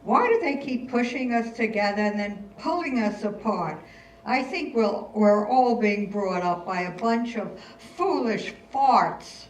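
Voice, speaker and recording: A woman's voice: medium pitch, lively intonation, measured pace, a little hiss or hum, natural voice. An older woman in a staged reading, playing a sardonic, rebellious rich girl writing letters. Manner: sardonic, theatrical. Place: stage in a hall. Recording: roomy, distant hall recording.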